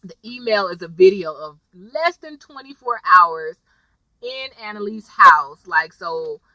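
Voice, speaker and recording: A woman's voice: on the low side, expressive, unhurried, bright, forceful tone, no echo, distant mic, low-quality recording. A young woman chatting casually as she recaps a TV episode, slangy and storytelling. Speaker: TV episode reviewer.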